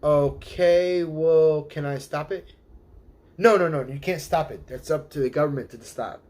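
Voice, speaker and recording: A man hosting a live show, talking in a casual, animated monologue and slipping into quick voices of the people he quotes. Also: a little high. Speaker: host.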